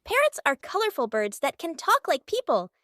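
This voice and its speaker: A woman hosting a children's lesson, reading scripted narration for toddlers in a sing-song voice, naming each word slowly and with exaggeration. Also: sits high, wildly swooping pitch, fairly bright tone, dry recording, clean studio sound. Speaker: children's educational host.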